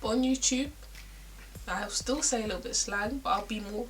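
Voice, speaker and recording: A woman's voice: on the high side, brisk, distant mic, a little hiss or hum, low-quality recording. A young woman from South London with a South London accent, chatting casually in a get-ready-with-me vlog, ranting with slang and lots of "like". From South London, England. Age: young adult. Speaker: beauty vlogger.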